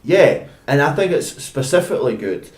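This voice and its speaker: A man's voice: a little high, big pitch swings, normal speed, a little mellow, roomy sound. A young Scottish man co-hosting a podcast, chatting casually and rambling with lots of fillers and restarts. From Scotland. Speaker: podcast co-host. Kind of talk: casual chat.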